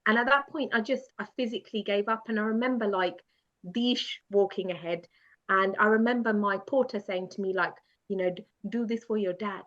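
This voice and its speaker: A woman guest telling a personal story in a lively, self-mocking way, often laughing as she goes. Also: mid-range voice, a little fast. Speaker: podcast guest. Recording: dull lo-fi sound.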